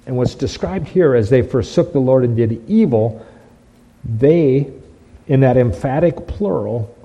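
A man's voice: medium pitch, dark tone, rough recording. A man preaching a sermon as pastor, emphatic, repeating phrases and restarting lines.

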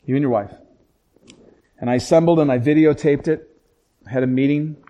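A middle-aged man, a pastor, telling a painful personal story in conversation, acting out the dialogue and swinging from hushed, low tones to loud, raised outbursts. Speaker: pastor and police chaplain.

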